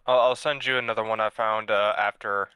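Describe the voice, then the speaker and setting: A man with a bright, sharp, crisp voice joins a group stream call. He talks bluntly and very close to a dry mic. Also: lowish voice, fairly even intonation, fairly quick, no echo. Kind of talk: casual chat on a group stream.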